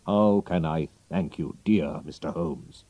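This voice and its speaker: A man's voice: rumbling low, slow, no room sound, lo-fi sound, pitched below the performer's own voice, heavily acted. A man voicing an impulsive, emotional king in a storybook reading, speaking in exclamations and pleas. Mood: dramatic. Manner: exclamatory, dramatic.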